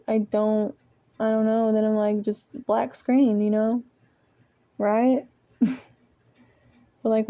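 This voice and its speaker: A woman rambles through a frustrated, swear-heavy vent to her phone camera, breaking into self-mocking laughs. Her voice sits a little high but sounds mellow and soft-edged. It is a casual home recording made on a propped-up phone. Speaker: vlogger. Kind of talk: casual venting monologue. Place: indoors at home among art supplies. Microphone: phone propped nearby.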